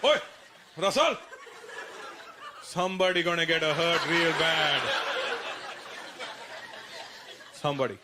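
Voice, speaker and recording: A stern immigrant dad , acted out by a male comedian on stage, delivers slow, broken-English threats in a low voice. A dense wash of noise sits behind him. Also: sing-song, a loud crowd, full character voice. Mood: menacing. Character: stern threatening immigrant father, middle-aged. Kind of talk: stand-up comedy impression.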